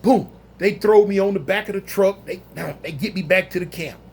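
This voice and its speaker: A man telling a story in a casual, animated, slangy way, acting out other people's voices. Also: high-pitched, moderate pace, husky. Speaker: storyteller recounting prison life.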